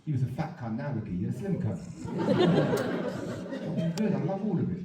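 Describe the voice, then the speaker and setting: A man's voice: a little high, sing-song, a little fast, far from the mic, very noisy. A man doing a crude, rowdy stand-up comedy set in a club, often laughing through his lines. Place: comedy club with live audience. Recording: echoey room, from afar, loud crowd.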